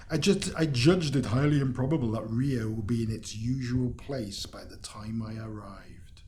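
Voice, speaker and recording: A man's voice: mid-range voice, a little mellow, a little hiss or hum. A man reading a weird tale aloud in an amused way, chuckling and adding asides. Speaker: story reader.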